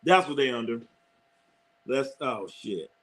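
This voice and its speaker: A man's voice: medium pitch, lively intonation, unhurried, a bit bright. A middle-aged man hosting a live sports stream, rambling and cursing, repeating phrases and laughing often as he reads chat.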